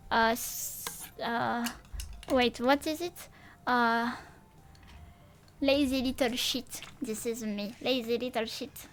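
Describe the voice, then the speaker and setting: High-voiced sleepy woman streamer, slow-spoken. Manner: silly, playful, rambling with nonsense rhymes; counting dumbbell lifts aloud. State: sleepy, yawning. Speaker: vtuber streamer. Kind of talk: casual late-night livestream chat.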